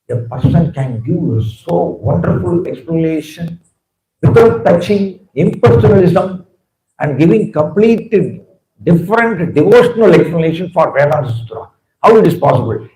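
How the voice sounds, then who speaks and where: A man telling a sacred story as a sermon, animated and moving between raised and hushed tones. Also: mid-range voice. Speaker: preacher. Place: temple hall. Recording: echoey hall.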